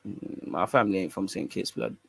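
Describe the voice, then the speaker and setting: A man's voice: deep voice, lively intonation, brisk, creaky, fairly bright tone, slightly rough. A man hosting a fan channel, casually reading and answering viewer comments in a slangy, bantering way. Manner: slangy, laid-back, bantering.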